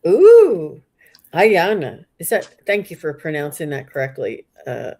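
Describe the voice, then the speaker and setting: Low-voiced chatty woman hosting a card reading. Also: huge pitch swings, a little slow, warm tone. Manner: chatty, gushing, stumbles over names. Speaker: host, psychic card reader. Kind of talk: casual livestream card reading.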